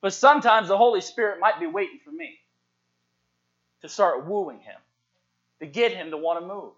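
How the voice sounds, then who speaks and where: A man preaching a sermon in a church, calling out to the congregation and swinging from hushed asides to shouts. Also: high-pitched, normal speed. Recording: dull lo-fi sound.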